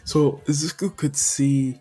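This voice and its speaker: A man's voice: a little high, steady tone, a little slow, mellow, husky. A man casually retelling a fan story, rambling with many fillers and chuckles. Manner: rambling, full of fillers and laughs.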